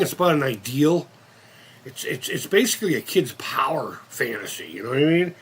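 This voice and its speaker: A man's voice: a little high, a bit bright, breathy edge. A man of fifty hosting a casual live-stream chat, rambling and cursing with many restarts. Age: 50s. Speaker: channel host.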